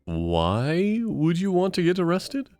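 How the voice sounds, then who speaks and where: A man voicing a smooth-talking male con man posing as a nobleman, with a theatrical fake foreign accent and courtly manner. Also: high-pitched, wildly swooping pitch, slow pace, darkish tone, no room sound, faint music behind, pitched above the performer's own voice, heavily acted. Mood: conspiratorial.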